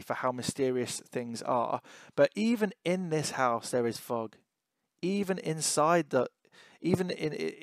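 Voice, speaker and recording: A teacher reads a classic novel aloud and stops often to explain it, thinking aloud with fillers and restarts. His voice sits at an ordinary middle pitch. The sound is dry and close, with no room echo. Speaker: English teacher. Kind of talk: reading aloud and annotating a novel.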